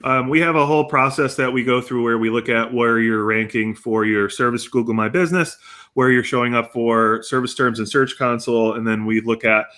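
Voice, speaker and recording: A man's voice: medium pitch, fairly even intonation, fairly quick, a bit bright. A man, a marketing guest, explaining his field fluently with examples. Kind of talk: explanatory interview talk.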